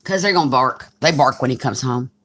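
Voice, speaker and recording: A woman's voice: very deep voice, brisk, fairly bright tone, husky. A woman in her forties with a Southern US accent, chatting casually on a crafting live stream and reading comments aloud. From Alabama, US. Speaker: crafting channel host.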